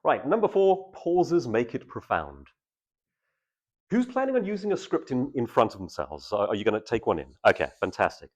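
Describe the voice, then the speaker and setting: A husky-voiced man teaches public speaking to a live audience in a room. His pitch leaps around wildly as he swings between intense and easygoing delivery, and his tone stays mid-pitched and slightly rough throughout. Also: normal speed. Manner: animated, shifting between intense and casual delivery. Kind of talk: live workshop talk to an audience.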